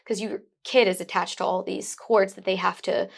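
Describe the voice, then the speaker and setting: A young woman's voice with a slightly gravelly, fried texture. She is a guest in a conversational interview and speaks in a heartfelt, effusive way. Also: mid-range voice, steady tone, moderate pace. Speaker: guest, new mother.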